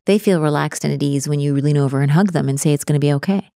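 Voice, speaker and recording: A woman speaking as a relationship coach in a casual podcast conversation, animated and acting out the voices she quotes. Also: deep voice, quick pace, vocal fry, no room sound, clean studio sound.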